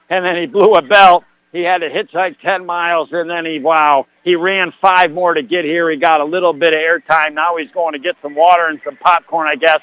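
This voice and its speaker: A man doing live high school football radio commentary from a broadcast booth, folksy and joking. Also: fairly bright tone, low-quality recording. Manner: folksy, jokey asides. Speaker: play-by-play announcer. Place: press box broadcast booth. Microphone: broadcast headset.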